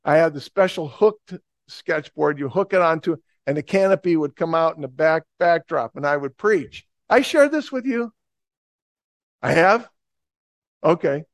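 Gravelly New preacher. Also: male voice, on the high side, measured pace, no echo. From New Jersey, USA. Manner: lively, humorous, emphatic. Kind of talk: sermon with storytelling.

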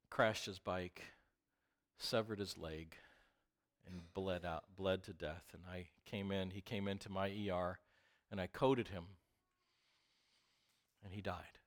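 A man preaching a sermon who reads scripture and questions his listeners, dropping to a whisper and then rising to loud outbursts. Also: low-pitched, measured pace, pauses often. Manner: swings from hushed whispers to loud impassioned outbursts.

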